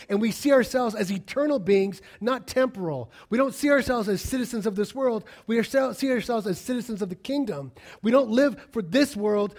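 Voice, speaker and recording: A man preaching a sermon, speaking conversationally and moving between soft, hushed passages and raised, emphatic lines. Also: sits high. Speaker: pastor.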